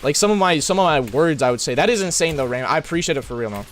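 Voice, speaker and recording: A young man from New Mexico with an American accent, streaming live and chatting with his viewers, swinging between yelling and talking normally and saying bro a lot. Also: on the high side, expressive, fast talker.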